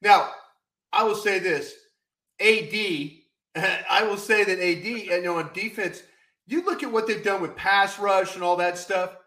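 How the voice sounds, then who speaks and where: High-voiced man in an echoey room. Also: a little slow. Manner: animated, folksy, repeats "I tell you what". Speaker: podcast co-host. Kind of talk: casual sports talk.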